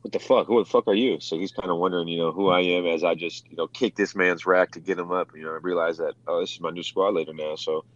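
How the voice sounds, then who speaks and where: A young former Marine, appearing as a veteran guest, tells war stories in casual, profane talk with a low voice, speaking fast with hardly any pauses. He's animated and acts out other people's voices, swearing as he quotes them, and the audio is dull.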